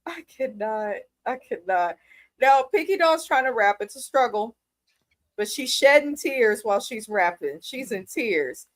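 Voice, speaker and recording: A woman runs a casual reality-show recap, blunt and full of playful exaggeration. Her voice sits a little high. The sound is dry and close, with no room around it. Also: lively intonation, a little slow, no room sound. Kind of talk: casual chat.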